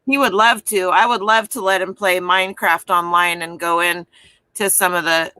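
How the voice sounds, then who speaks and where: A woman's voice: fairly low pitch, fairly even intonation, moderate pace, sharp tone, no echo. A woman in her fifties chatting casually on a live stream, teasing the others as she talks. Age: 50s. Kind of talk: casual chat.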